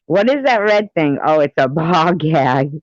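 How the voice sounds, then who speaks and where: A woman's voice: sits low, expressive, measured pace, dry recording. A woman chatting casually on her live stream, teasing, laughing often and swearing freely. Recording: dull, dry lo-fi stream audio.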